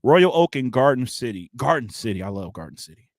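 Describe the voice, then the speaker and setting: A man's voice: mid-range voice, big pitch swings, brisk, no room sound, clean studio sound. A man hosting a podcast, talking in a rambling, slangy, self-mocking way in casual chat. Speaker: podcast host.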